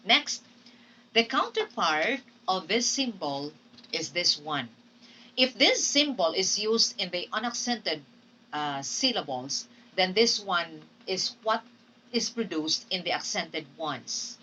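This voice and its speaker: A woman with a lowish yet bright, forceful voice teaches pronunciation at a very slow, careful pace. She models example words and keeps checking in with her listeners. She is heard from a distance from the mic, with faint noise behind her. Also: big pitch swings. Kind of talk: recorded phonetics lesson.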